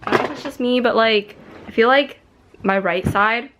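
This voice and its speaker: A woman's voice: a little high, normal speed, noisy background. A young woman vlogging at home, telling a story in a chatty, casual way, filling her talk with "like" and "you know.". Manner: chatty, many "like" fillers, re-enacts her own screams.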